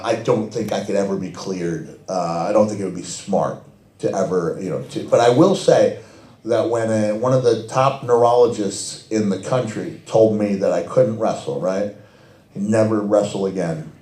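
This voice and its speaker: A middle-aged man telling animated, self-mocking stories as a guest at a fan Q&A event, laughing often. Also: fairly low pitch. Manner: animated, laughs often, many restarts and fillers. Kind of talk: anecdotal storytelling. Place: event hall with audience. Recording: echoey event hall.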